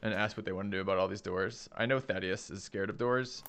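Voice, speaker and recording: A man's voice: on the low side, steady tone, fast talker, fairly bright tone, a little hiss or hum. A man playing in a tabletop game, joking and rambling in casual chat. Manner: joking, rambling with many fillers. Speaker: player.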